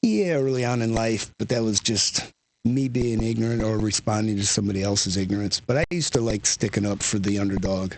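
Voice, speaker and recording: Gravelly, husky-voiced man telling stories. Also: fairly low pitch, fairly even intonation, a little fast, a little mellow. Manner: rambling, peppered with "you know" and "like". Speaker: guest musician, lead singer. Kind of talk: casual conversational storytelling.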